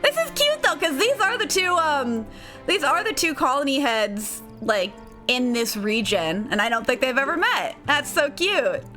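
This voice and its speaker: A woman's voice: high-pitched, big pitch swings, normal speed, sharp tone. A young woman streaming a game, chatting and giggling as she reads the characters' lines aloud, with game music faint behind her. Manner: bubbly, giggly, voices the characters. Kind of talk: live game stream commentary and reading dialogue aloud.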